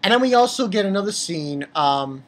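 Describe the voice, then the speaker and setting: A woman's voice: mid-range voice, animated, normal speed. A woman reviewing manga chapters in a casual, profane, exasperated rant. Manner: exasperated, profane, heated outbursts.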